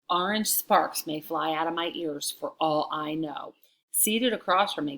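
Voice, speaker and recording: A woman teacher reading a chapter book aloud and explaining it to her students in a remote lesson. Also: sits low. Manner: chatty, explanatory, expressive reading.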